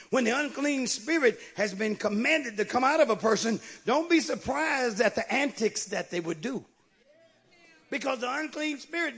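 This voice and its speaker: High, gravelly shouting preacher man. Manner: call-and-response, rising to shouts. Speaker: pastor. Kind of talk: sermon.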